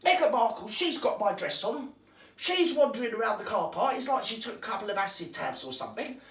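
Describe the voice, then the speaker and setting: A woman tears into people in a crude, gossipy comic monologue. Her voice swoops high and low with scorn. She sounds distant in a roomy space. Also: very animated, brisk. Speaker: comic character host.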